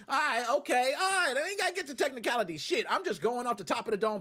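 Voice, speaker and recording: A man hosting a live gaming podcast, talking casually to his chat with excitable bursts and rants and plenty of swearing. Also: sits high, fast, few pauses. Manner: talks to live chat viewers. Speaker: podcast host.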